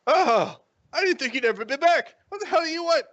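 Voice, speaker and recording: Guy doing a screechy goblin girlfriend, way up high, yelling and half crying, dull lo-fi audio. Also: expressive, a little fast. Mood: shrieking. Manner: shrieking, hysterical, tearful shouting.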